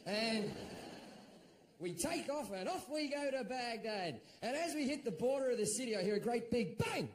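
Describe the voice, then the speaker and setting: A middle-aged Australian man doing stand-up, telling a story in a profane, animated way and shouting out his own quoted lines. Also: very high voice, normal speed. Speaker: stand-up comedian.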